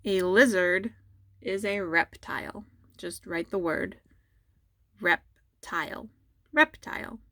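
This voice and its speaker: Slow, deliberate woman teacher dictating. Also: lowish voice, fairly even intonation, a bit bright, no room sound. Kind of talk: dictating a spelling test for remote students.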